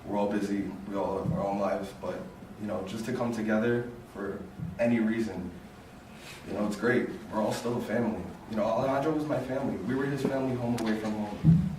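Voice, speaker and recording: A man's voice: lowish voice, steady tone. Young man, casual eulogy, full of fillers, speaking from far off in an echoey hall. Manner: halting, heavy on fillers like "like" and "you know". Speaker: eulogy speaker, fraternity brother. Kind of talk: informal memorial speech. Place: large echoey hall at a memorial. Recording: echoey hall, distant voice, room noise.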